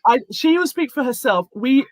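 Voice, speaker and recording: A woman hosting a casual online talk show, speaking deliberately and reading out her own posts with emphasis. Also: high-pitched, lively intonation, dry recording, low-quality recording. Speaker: host.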